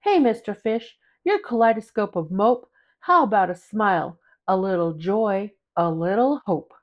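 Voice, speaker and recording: A woman's voice: medium pitch, lively intonation, a little slow, lo-fi sound, lightly acted. A woman voicing a squirmy, slightly rude female squid in a storybook, coaxing in rhyme.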